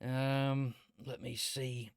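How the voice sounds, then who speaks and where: A man's voice: mid-range voice, level tone, drawn-out words, clear, resonant tone, dry recording, clean studio sound. A man reviewing a TV episode in a rambling casual recap, sarcastic and profane, stumbling over restarts. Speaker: video reviewer.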